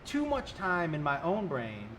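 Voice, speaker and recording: A man's voice: on the high side, wildly swooping pitch, unhurried, a bit bright, slight background noise. A man co-hosting a podcast, talking earnestly and reflectively about his own habits. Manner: earnest, reflective, repeats himself while thinking. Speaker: podcast co-host. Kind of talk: casual podcast chat.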